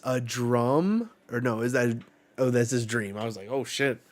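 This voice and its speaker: At a medium pitch, a man hosts a live manga reaction, reading the panels aloud and swearing excitedly as he reacts.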